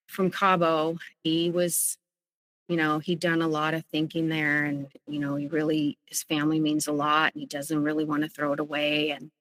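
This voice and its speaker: Low-voiced woman telling her own story. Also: fairly bright tone, dry recording, in a large hall, poor audio. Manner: earnest and halting, often restarting sentences. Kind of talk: personal storytelling.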